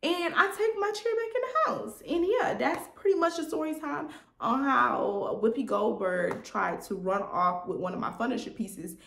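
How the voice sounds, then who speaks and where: Young woman, animated storytime vlogger, echoey room. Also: a little high, normal speed, vocal fry, a little hiss or hum. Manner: animated, chatty, addresses viewers as y'all. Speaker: vlogger telling a story time. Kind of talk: casual storytime chat to viewers.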